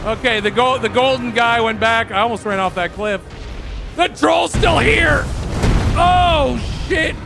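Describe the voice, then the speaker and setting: A man streaming a video game, chatting through his play and bursting into panicked yelps and shouts. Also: extremely high pitch, moderate pace, hardly any pauses, over music. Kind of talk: live gameplay commentary.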